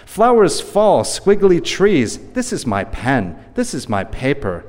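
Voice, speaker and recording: A man's voice: fairly high pitch, wildly swooping pitch, takes it slowly, few pauses, a little mellow. A man giving a live poetry reading, with a rhythmic, repetitive delivery. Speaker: poet. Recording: long hall reverb.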